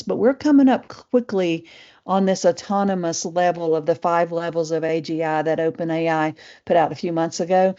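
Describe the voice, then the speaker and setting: A middle-aged woman with a Southern Appalachian drawl talks her way through a relaxed webinar. She sits a little low in pitch, with a warm, mellow tone and plenty of fillers. The audio is muffled and lo-fi. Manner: chatty, many fillers and restarts. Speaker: webinar presenter. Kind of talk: casual live webinar presentation.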